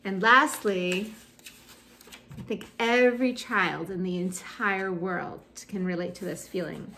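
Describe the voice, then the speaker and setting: A woman's voice: mid-range voice, slow, background noise. Woman teacher reading poems aloud. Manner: expressive reading, gentle explanatory asides. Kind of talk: read-aloud poetry lesson.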